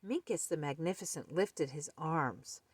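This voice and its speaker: A woman reading a children's picture book aloud at an unhurried pace. Her lower voice rises and falls with lively expression. The sound is close and dry. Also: breathy edge, dry recording. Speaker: storyteller.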